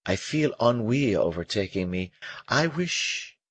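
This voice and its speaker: Gentle young prisoner, wistful and earnest, read by a man in a raised husky voice, slow and dry. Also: lowish voice, very animated, no echo, voice pushed up, full character voice. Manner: earnest, wistful and soft-spoken. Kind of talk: audiobook character reading.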